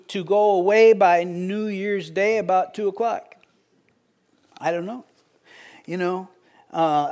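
A middle-aged man preaching a sermon as pastor, conversational and joking with the congregation. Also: high-pitched.

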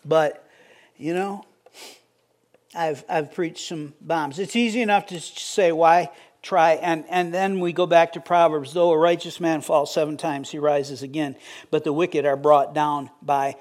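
A man's voice: a little high, steady tone, unhurried, darkish tone. A middle-aged man preaching a sermon as pastor, conversational and joking with the congregation.

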